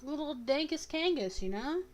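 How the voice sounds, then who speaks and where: A woman's voice: high voice, animated, normal speed. A young woman chatting casually to herself and her viewers while drawing live, rambling and joking as she greets chat. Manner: rambling, self-talking, jokey, greets chat. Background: faint background music.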